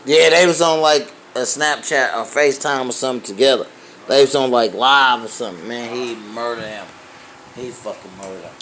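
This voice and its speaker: A man hosting a casual podcast chat, telling animated, profane stories and laughing often. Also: medium pitch, fairly quick, a little hiss or hum, poor audio. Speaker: podcast host.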